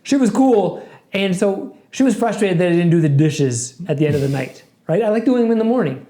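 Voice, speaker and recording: A man co-hosting a podcast, telling stories quickly and profanely in casual chat. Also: high-pitched, roomy sound. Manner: rapid, profane, animated storytelling. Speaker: podcast co-host.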